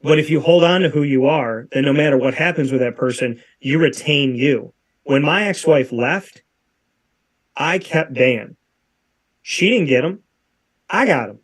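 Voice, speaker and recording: This thirty-something show host talks a little slowly in a slightly high voice during casual talk show chat. He leans on emphasis and repetition for effect.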